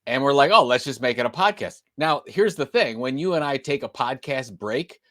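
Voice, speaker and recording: A middle-aged man co-hosting a podcast, joking around with quick one-liners. His pitch swings up and down a lot as he talks. The sound is close and dry. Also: expressive, a bit bright, no echo. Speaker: podcast co-host. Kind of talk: casual podcast banter.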